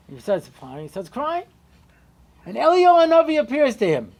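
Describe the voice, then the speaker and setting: Animated rabbi telling a story. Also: male voice, a little fast. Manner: conversational, many asides and "you know"s; animated, shifting pitch and loudness. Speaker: rabbi and lecturer. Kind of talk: storytelling Torah lecture.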